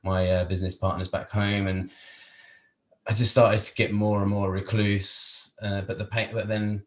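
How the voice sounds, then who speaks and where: A man's voice: fairly low pitch, little pitch movement, normal speed, reverberant. A man from England, a podcast guest, talking in a casual, rambling way with many fillers and restarts. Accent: English. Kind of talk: casual interview chat.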